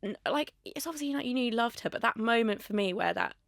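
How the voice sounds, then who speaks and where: Chatty woman with a gravelly edge. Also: fairly high pitch, animated, quick pace, a bit bright, dry recording, clean studio sound. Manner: candid, chatty, lots of "like". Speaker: guest. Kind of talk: casual chat. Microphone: studio microphone.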